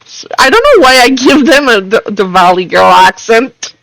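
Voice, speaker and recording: A woman's voice: on the high side, very animated, normal speed, a bit bright, soft background music, low-quality recording. A woman streaming a game, reading it aloud and laughing as she tries out silly voices. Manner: playful, laughing, jumps between silly voices.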